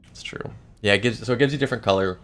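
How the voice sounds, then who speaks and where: A man's voice: fairly low pitch, rapid-fire, a bit bright. A male streamer chatting casually while gaming, rambling and swearing casually, with the hiccups. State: has the hiccups.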